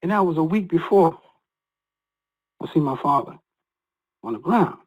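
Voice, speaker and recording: A man speaking as a guest, telling an emotional personal story in an earnest, halting way with many repeated restarts. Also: on the high side, lively intonation, muffled recording.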